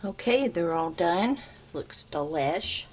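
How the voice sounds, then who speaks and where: A woman's voice: on the low side, expressive, takes it slowly, slight background noise. A middle-aged woman in her home kitchen, chatting homey and easy as she walks viewers through a simple recipe step by step. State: talking with her mouth full. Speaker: home cooking vlogger. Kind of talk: casual cooking demonstration.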